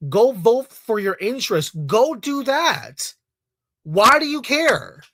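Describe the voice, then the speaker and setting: A fired-up vlogger delivering a swearing, repetitive rant straight to the audience. The voice sits at a middling pitch in a dry, close-up sound with almost no room around it. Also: big pitch swings, slow, sharp tone, no room sound. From Latino community in the United States. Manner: angry, profane, repetitive rant. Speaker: video creator. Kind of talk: heated ranting commentary.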